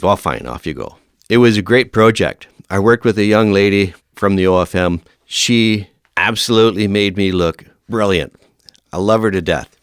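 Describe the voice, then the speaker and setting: A low-voiced man in his fifties, recorded in studio quality with no echo, appears as a podcast guest. A veteran firefighter, he tells stories in a casual interview, a lively storyteller acting out the quoted dialogue.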